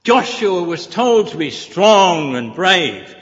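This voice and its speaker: A man delivers a sermon at an unhurried, measured pace, his voice sitting slightly high. He stresses each repeated line with earnest conviction. The recording is muffled and lo-fi, and a long church reverb trails every phrase. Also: sing-song. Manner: earnest, deliberate, emphatic repetition. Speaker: preacher.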